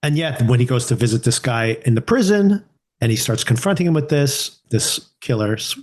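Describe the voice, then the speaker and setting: A man's voice: mid-range voice, lively intonation, fairly quick, darkish tone. Male podcast co-host, easygoing mid-range voice, conversational reviewer who muses and questions as he goes. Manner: conversational, thinking aloud with restarts and rhetorical questions. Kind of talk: casual TV review chat.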